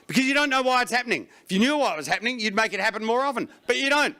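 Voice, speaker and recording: Bright-voiced man doing stand-up. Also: very high voice, expressive, rapid-fire. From Australia. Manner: swings into loud shouted bursts for acted panic. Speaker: stand-up comedian. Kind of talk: stand-up comedy routine. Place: stage before a laughing audience.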